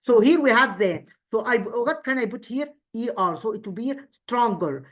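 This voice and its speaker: A woman teacher with an Egyptian accent, a native Arabic speaker, reviewing English grammar for an exam, halting, with many restarts, asking and answering her own questions. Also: a little high, lively intonation.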